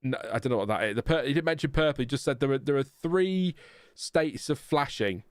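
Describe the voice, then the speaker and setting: A man's voice: medium pitch, animated, brisk, smooth, dry recording, clean studio sound. A man hosting a live watchalong, chatting casually and laughing often. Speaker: livestream host.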